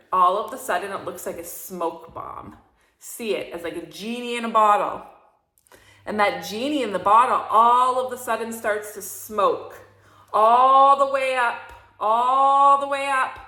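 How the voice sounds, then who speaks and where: A woman's voice: fairly high pitch, bright, forceful tone, echoey room. A woman coaching listeners in a motivational talk, emphatic and preachy, with free swearing. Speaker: spiritual coach.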